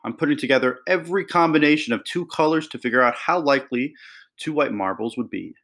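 A man voicing an eager young boy who loves numbers, talking excitedly and explaining. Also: medium pitch, fast talker, natural voice.

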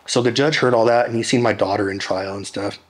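A man recounts his personal testimony in an interview, his voice sitting a little low. He speaks earnestly and with emotion, circling back on himself with fillers and restarts as he talks. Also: steady tone, fast talker. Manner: rambling, full of fillers and restarts.

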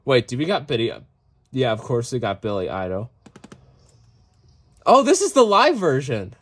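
A young man vlogging casually, excitable and swearing, breaking into off-key singing. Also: mid-range voice, normal speed, slightly rough. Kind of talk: casual reaction vlog.

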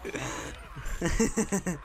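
A young man hosting his own gaming channel, giving excitable, casual commentary over his gameplay, often repeating his exclamations. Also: sits high, drawn-out words, gravelly, soft background music.

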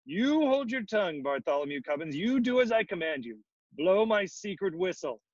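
A man's voice: a little high, expressive, measured pace, no echo, muffled recording. A man reading aloud and voicing a grumpy, demanding old male king in a storybook. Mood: commanding. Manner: raised, commanding storybook voice.

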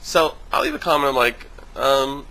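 A man venting on his video blog in a casual, animated way, swearing freely and mimicking other people in high voices. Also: moderate pace, slight background noise, poor audio. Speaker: vlogger. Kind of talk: casual vlog rant.

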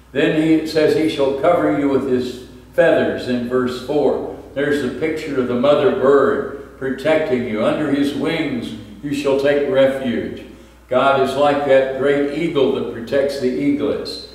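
An older man preaching a sermon in a church, measured and explanatory, pausing often with "uh". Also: medium pitch, a little mellow. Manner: measured, explanatory, with frequent "uh" pauses. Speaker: pastor. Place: church sanctuary. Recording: echoey church from far off, faint background hiss.

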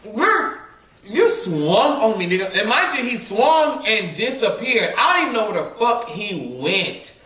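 A man's voice: high voice, sing-song, a little slow, pushed and bright. A man telling a story with lots of animation and laughter, swearing and mimicking other people. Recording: echoey room, mic far off.

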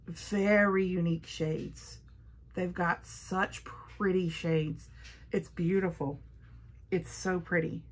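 Gushing, chatty woman, low voice. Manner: gushing, chatty, repeats praise. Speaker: beauty vlogger. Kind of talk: casual makeup haul chat.

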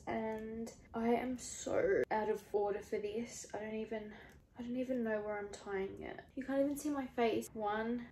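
A woman's voice: fairly high pitch, reverberant, a little hiss or hum. A young woman, vlogging casually at home, nervous and swearing as she talks. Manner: anxious, exclaiming, swearing. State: sweating, nervous. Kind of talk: casual vlog talk. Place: at home, in a room.

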